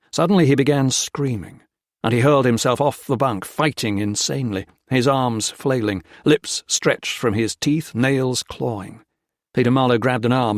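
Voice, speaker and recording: A man reading an audiobook in measured, dramatic narration. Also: medium pitch, no room sound, clean studio sound. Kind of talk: scripted narration.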